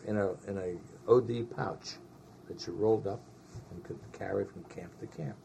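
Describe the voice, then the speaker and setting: Older male interviewee, deep gravelly voice, animated oral-history storyteller. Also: normal speed, slight background noise. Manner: animated storyteller, sprinkles Yiddish words. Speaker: interviewee recalling army service.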